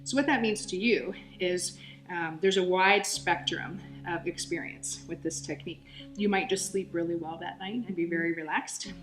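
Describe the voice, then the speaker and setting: Chatty woman, low voice, roomy echo. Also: normal speed. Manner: earnest, chatty, many fillers. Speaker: holistic health coach, guest. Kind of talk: conversational interview storytelling. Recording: roomy echo, music underneath.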